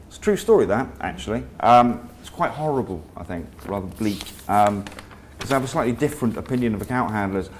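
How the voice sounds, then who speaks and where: A man's voice: fairly low pitch, animated, fairly quick, hardly any pauses, slight background noise. A man giving a comic, self-deprecating talk, telling a mock horror story with wry, profane asides. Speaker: invited speaker.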